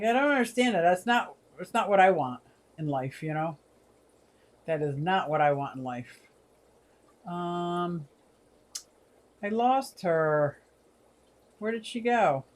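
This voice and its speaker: A woman in her sixties hosting a casual livestream, chatty, laughing often and reading viewer comments aloud. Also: lowish voice. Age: 60s. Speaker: aquarium channel host.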